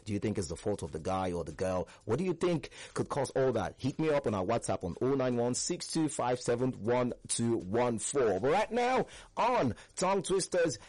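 Playful radio host, lively pitch. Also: male voice, normal speed, hardly any pauses, no echo. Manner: playful, teasing, laughs often. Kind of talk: lively radio call-in show. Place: radio studio.

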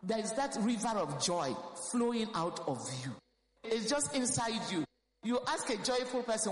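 A woman's voice: on the high side, animated, moderate pace. A woman pastor, preaching a sermon fervently and emphatically, repeating key phrases. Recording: roomy hall with long reverb.

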